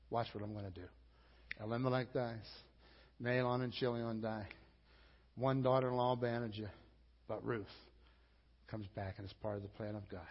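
Man preaching in a reverberant church. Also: medium pitch. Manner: emphatic preaching, rising to loud appeals. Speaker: pastor. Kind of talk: sermon. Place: church sanctuary. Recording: dull audio with long church reverb.

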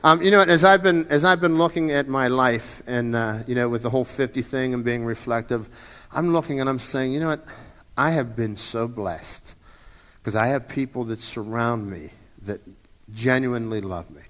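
A man's voice: mid-range voice, normal speed, a bit bright, in a large hall. A man in his fifties preaching a sermon as a pastor, in a conversational way that often repeats and restarts words. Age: 50s.

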